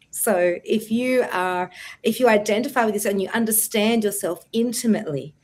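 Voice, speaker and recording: A woman with an Australian accent answering interview questions earnestly, pausing with "uh" as she reflects. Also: fairly low pitch, a little mellow. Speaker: guest.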